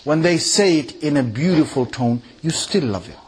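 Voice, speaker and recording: A man preaching to a large gathering in a lively sermon, quizzing his listeners with rhetorical questions and swinging between loud emphatic bursts and low quiet asides. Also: normal speed, slight background noise. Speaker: Islamic preacher addressing a gathering. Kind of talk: lively sermon with recitation examples.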